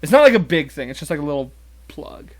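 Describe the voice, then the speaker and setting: A young man co-hosts a casual podcast, his voice sitting a little high. He tells crude stories, laughs often and fills his talk with "like". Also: big pitch swings, quick pace. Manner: crude, laughing storyteller, full of "like". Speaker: podcast co-host. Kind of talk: casual chat.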